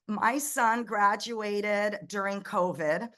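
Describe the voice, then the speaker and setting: Slow and medium-pitched, this middle-aged ministry founder, Egyptian-born and raised in the US, tells lively stories as an interview guest in conversation. She frequently restarts her sentences and acts out quoted dialogue.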